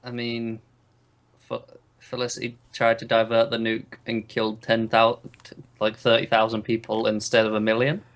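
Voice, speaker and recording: A man's voice: mid-range voice, completely flat delivery, moderate pace. A man, co-hosting a casual TV review chat, blunt and sarcastic, swearing freely. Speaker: podcast co-host reviewing TV.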